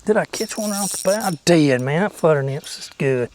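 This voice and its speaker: Fairly high-pitched and animated, a man talks at a moderate pace while fishing from a boat outside; his tone is a little mellow and there's slight background noise. A goofy, chatty fishing vlogger, he slips into whispers and silly sing-song sounds.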